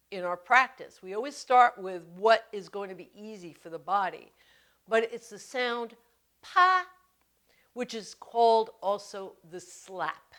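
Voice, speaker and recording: Female hand drum instructor: unhurried, gentle, patient explainer, medium pitch, step-by-step teaching. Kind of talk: instructional video demonstration.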